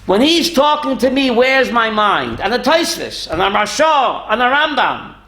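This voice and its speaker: A man, a rabbi, telling stories in a lively talk and quizzing his listeners. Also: extremely high pitch, normal speed. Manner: animated, asks the audience questions. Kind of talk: storytelling Torah talk with audience.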